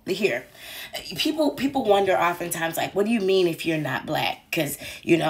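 A woman's voice: low voice, vocal fry. A woman in her forties hosting a casual online commentary show, talking candidly and playfully, swearing and laughing at her own jokes. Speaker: commentary channel host.

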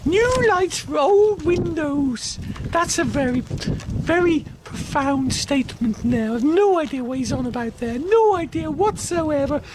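A man voicing a vain, flirty female supermodel in a comic character monologue, cooing and giggly with drawn-out oohs. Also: extremely high pitch, lively intonation, noisy background.

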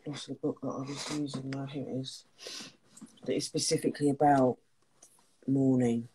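A woman's voice: very deep voice, fairly even intonation, moderate pace, dark tone, slight background noise. A woman hosting a talk, speaking openly and emotionally before reading a passage aloud. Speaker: host and wellness coach.

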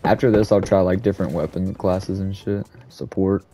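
A man commentating over gameplay, rambling sarcastically with a lot of profanity and sudden yelled outbursts. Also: sits low, fairly even intonation, moderate pace, background noise. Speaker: gaming commentator. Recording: loud game gunfire under the voice. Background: game gunfire and shots.

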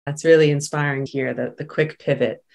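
The host of an interview, asking questions in a gentle, reflective way. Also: mid-range voice, steady tone, fairly quick, gravelly.

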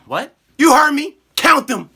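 A man performs a comedy sketch in a loud, indignant voice that often breaks into shouting. His voice sits high and bright, with a gravelly edge. Faint hip hop music plays behind him. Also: big pitch swings, takes it slowly.

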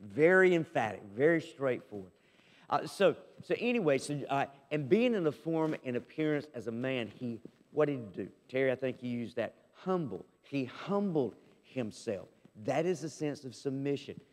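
A man preaching a sermon as pastor, emphatic and swinging between loud and soft. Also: medium pitch, expressive, moderate pace, long reverb tail. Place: church sanctuary.

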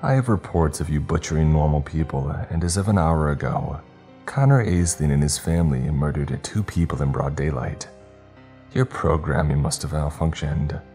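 A man's voice: extremely low pitch, normal speed, dark tone, soft background music. Man reading as a cold scowling woman official.

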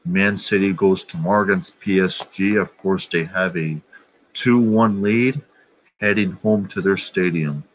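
A man vlogger with a low voice, recorded in poor audio, talks casually about soccer and other channels. His manner is slow and offhand, blunt and profane, with swearing dropped in casually.

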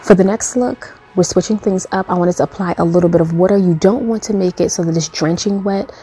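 A woman's voice: on the low side, a little fast, warm tone, soft background music. A young woman talking through a hair tutorial in a sassy, playful, chatty way. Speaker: beauty vlogger.

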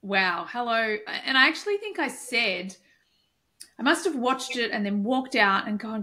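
A woman's voice: fairly high pitch, expressive, unhurried, pushed and bright. A woman hosting a podcast and chatting casually, emotional and effusive, with many fillers. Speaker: podcast host and coach. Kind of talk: casual chat.

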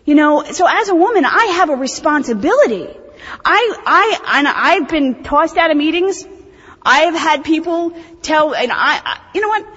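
A woman, giving a blunt, animated, profane recovery talk at a convention. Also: sits high, normal speed. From New Jersey. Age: 30s. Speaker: AA convention speaker. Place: convention hall. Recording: dull recording in reverberant hall.

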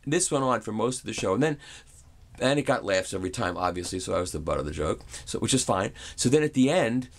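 A man's voice: lowish voice, expressive, fast, gravelly. A middle-aged man casually telling an amused anecdote, with frequent restarts. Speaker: audio reviewer and vlogger. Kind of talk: casual storytelling.

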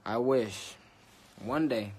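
A man's voice: medium pitch, slow pace, a little mellow, slightly rough. A young man, a rapper, chatting casually on a phone livestream, reading comments, swearing and laughing easily, switching between English and Korean. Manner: loose and slangy, swears, laughs often, mixes in Korean. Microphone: phone mic.

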